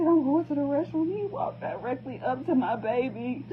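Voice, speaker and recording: A woman's voice: sits high, animated, normal speed, slight background noise. A distraught mother speaking to camera, pleading and repeating herself. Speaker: parent. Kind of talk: emotional phone vlog. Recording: tinny phone-quality recording.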